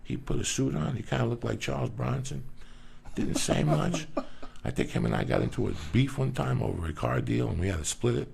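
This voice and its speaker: A middle-aged man, a comedian guest, telling profane stories on a podcast in an animated way, swearing constantly and acting out the voices of other people. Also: medium pitch, brisk, a little hiss or hum. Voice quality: gravelly.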